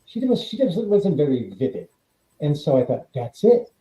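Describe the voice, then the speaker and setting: A man's voice: on the high side, moderate pace. A man, a guest actor and author, chatting casually and acting out the voices in his stories. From California. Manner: animated storyteller, acts out quoted voices. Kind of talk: casual interview chat. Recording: dull, roomy remote audio.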